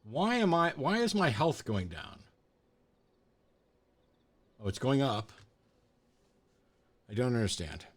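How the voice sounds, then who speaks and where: A man's voice: mid-range voice, huge pitch swings, takes it slowly, pauses often, husky. A middle-aged man streaming a game, casually talking to chat, frustrated and sweary with dry asides. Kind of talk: casual livestream commentary.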